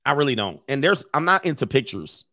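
A man hosting a casual commentary stream, brash and joking, talking over clips he pulls up. His pitch swings widely as he riffs, and the sound is close and dry. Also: very animated, fairly quick, bright, forceful tone, no room sound. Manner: brash, joking, laughs often.

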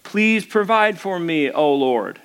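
A man voicing a devout elderly woman who calls out her praises in a high, drawn-out voice. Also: lively intonation, clear, resonant tone. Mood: pleading. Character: devout little old lady, elderly woman, joyful.

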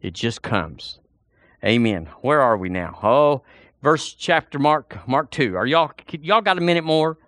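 Animated preacher man. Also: mid-range voice, measured pace, no echo, clean studio sound. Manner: animated, folksy, repeats himself, addresses the congregation directly. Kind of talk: sermon.

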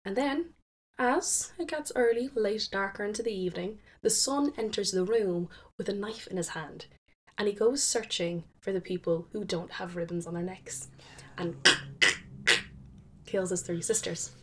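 A woman casually retelling a folktale, chatty, with fillers and quick self-corrections. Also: mid-range voice. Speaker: storyteller.

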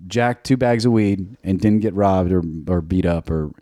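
A man, a comedian, telling a road story casually and fast, acting out the people in it. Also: low voice. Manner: fast, animated storytelling with acted-out quotes. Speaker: comedian guest.

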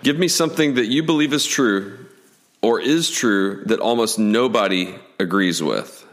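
A man hosting a podcast, asking relaxed, drawn-out questions. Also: lowish voice. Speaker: podcast host. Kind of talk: interview questions, casual.

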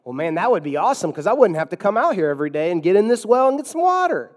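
Man putting on a sarcastic woman at a well, flippant, high and mocking, big echoing church hall. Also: big pitch swings, rapid-fire.

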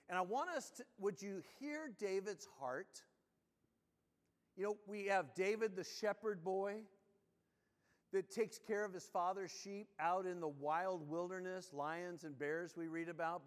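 A man preaching in a church sanctuary, his voice sitting high for a man and ringing out with a long hall reverb. He tells stories with animated energy and slows down, going low and solemn, when he reads verses. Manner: animated storytelling, drops low and slow when reading scripture. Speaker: pastor. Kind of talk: sermon.

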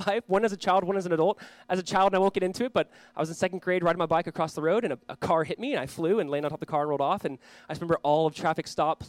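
An earnest male pastor from Southern California delivers his sermon in a chatty, storytelling way, his voice sitting a little high for a man. The sound is dry and close, with no room around it. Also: no echo. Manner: earnest, conversational, swings from loud reading to quiet prayer; storytelling with self-deprecating asides.

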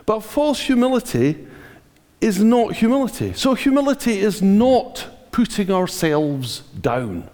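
A man's voice: high-pitched, big pitch swings, measured pace, a little mellow. A man preaching a sermon in an emphatic, conversational way, asking the congregation rhetorical questions. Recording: reverberant hall.

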